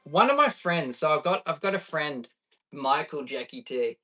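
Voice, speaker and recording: A man's voice: a little high, animated, moderate pace, bright, forceful tone, recorded from a distance, soft background music. A man chatting casually on a live stream, reacting to chat and laughing easily. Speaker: livestreamer.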